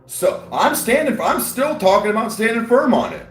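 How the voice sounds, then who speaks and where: A man's voice: very high voice, huge pitch swings, moderate pace, a bit bright, echoey room. A man hosting his channel in casual chat, crude and brash, rambling and defiant. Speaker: YouTube channel host.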